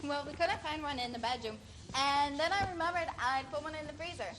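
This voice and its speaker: A woman's voice: sits high, brisk, lightly acted. A woman acting as a sheepish woman confessing an awkward fling to a friend, in a student stage play. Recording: noisy stage recording.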